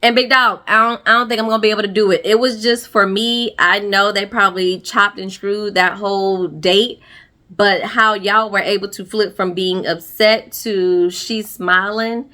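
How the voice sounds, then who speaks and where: A woman's voice: mid-range voice, steady tone, normal speed, pushed and bright. A woman recapping a reality TV episode for her viewers in a casual, sassy way, full of slang and asides.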